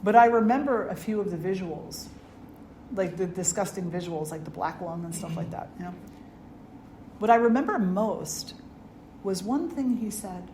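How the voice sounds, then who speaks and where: A middle-aged woman, a spiritual teacher, giving an earnest dharma talk and telling stories with gentle humor. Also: medium pitch, expressive, moderate pace. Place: ashram hall. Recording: echoey room with faint noise.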